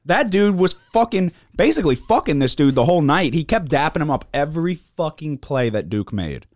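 A man's voice: fairly high pitch, big pitch swings, brisk, no echo, clean studio sound. A man telling a story in casual chat, cursing heavily and mimicking the people he quotes.

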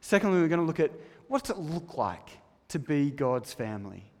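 Male preacher, emphatic with soft asides, slightly high, long church-hall echo. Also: very animated, moderate pace. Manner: emphatic, shifts between loud stresses and soft, low asides. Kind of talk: sermon.

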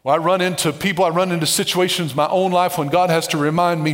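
Pastor, male, high-pitched; dynamic sermon delivery, joking and then shouting for emphasis. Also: lively intonation, fast talker, hardly any pauses. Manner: dynamic, swings from soft asides to shouted emphasis; playful, with humorous asides and call-outs to the congregation.

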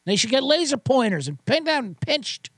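A man's voice: very high voice, sing-song, normal speed, fairly bright tone, husky, no room sound, clean studio sound. A man hosting a podcast, ranting in a profane, sarcastic and rambling way with many restarts. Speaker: podcast host. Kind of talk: comedic rant.

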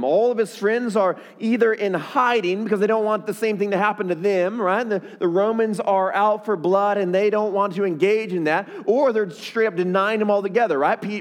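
Fairly high-voiced preaching man, hall echo. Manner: repeats words, rises in pitch and volume when preaching. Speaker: pastor. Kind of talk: sermon.

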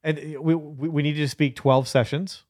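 A man's voice: fairly high pitch, fairly even intonation, moderate pace, darkish tone. A man hosting a casual podcast chat, loosely steering the group and joking. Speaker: podcast host.

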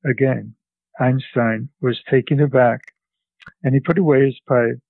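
An older man, a scholar and guest, telling a story slowly and haltingly in an interview over a remote call. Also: medium pitch, steady tone, creaky, no room sound. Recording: phone-like line.

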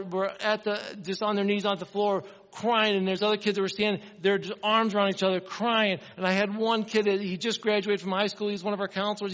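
A man's voice: sits high, fairly bright tone, long reverb tail, muffled recording. A man preaching a sermon in an earnest, conversational way, often asking the congregation questions. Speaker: pastor.

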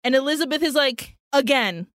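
A podcast co-host with a fairly high, fairly bright voice gives a casual, comedic recap of a film's plot, voicing each character as she goes. She's animated yet unhurried and switches between English and another language mid-story. The recording is dry and close, with no room sound.

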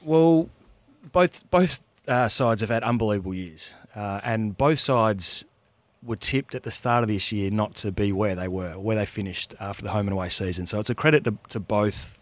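A man's voice: on the low side, normal speed, no room sound. A man, a former footballer co-hosting radio, laid-back and self-deprecating as he chats about the game. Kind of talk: casual radio banter and sports analysis. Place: radio studio.

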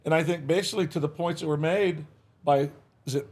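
An older man with a husky, breathy voice sits in a podcast studio and tells folksy stories. He acts out the quotes with animation, and his voice sits a little higher than most men's. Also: fairly even intonation, fairly quick, a little mellow. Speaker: guest, former baseball manager. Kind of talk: casual interview storytelling.

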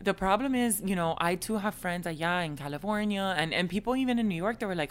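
Smooth-voiced chatty woman. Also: medium pitch, animated, fast talker, few pauses. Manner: chatty, gossipy, emphatic. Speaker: podcast co-host. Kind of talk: casual chat.

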